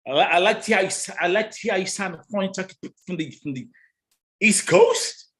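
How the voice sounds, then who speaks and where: A man's voice: high-pitched, fast, fairly bright tone. A man with a Kenyan accent hosting a live stream, chatting casually and teasing his viewers. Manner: teasing, playful, bantering.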